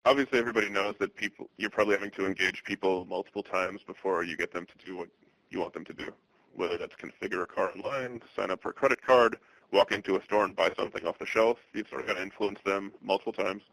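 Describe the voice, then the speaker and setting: Low, bright-toned man presenting a webinar. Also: vocal fry, no room sound, poor audio. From Boston area. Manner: halting, many fillers and restarts; monotone delivery.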